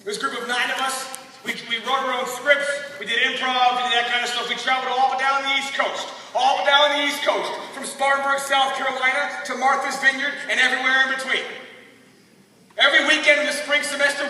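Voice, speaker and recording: High-voiced young man, energetic, shouting punchlines. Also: slight background noise. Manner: animated, shouting punchlines, self-mocking. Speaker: youth speaker. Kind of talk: energetic comic youth talk. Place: large hall. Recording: echoey hall from far off. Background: teen audience.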